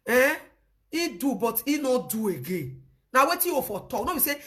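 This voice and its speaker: Nigerian woman, high voice, bright and sharp, laughing storyteller, casual commentary. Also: moderate pace. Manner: laughs often, lively storytelling.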